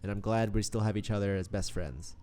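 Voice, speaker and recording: A man's voice: on the low side, fairly even intonation, a little fast, very noisy. A man hosting a let's play, chatting casually through his gameplay in a playful, joking way that swings into mock melodrama.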